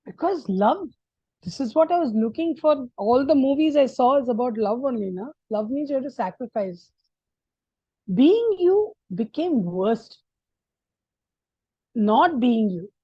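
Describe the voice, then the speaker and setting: A middle-aged woman with an Indian English accent telling her life story as a guest, animated and acting out the people she quotes. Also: sits high, measured pace, long pauses, slightly rough, no room sound, highs cut off. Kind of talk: personal storytelling.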